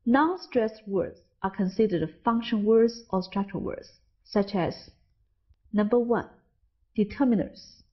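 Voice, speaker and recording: Slow, deliberate woman reading a lesson. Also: medium pitch. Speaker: English teacher. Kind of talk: scripted lesson narration. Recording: dull lo-fi audio.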